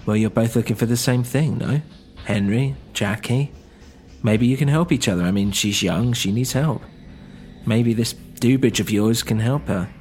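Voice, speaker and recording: A man voicing a blunt, protective woman who talks in a brisk, matter-of-fact way in a storybook reading. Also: medium pitch, darkish tone, lightly acted.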